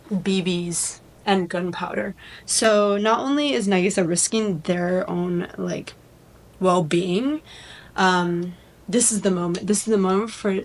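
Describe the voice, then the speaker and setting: A woman's voice: mid-range voice, rough recording. A woman vlogger casually retelling a plot, rambling and full of "like". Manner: rambling, lots of "like", animated.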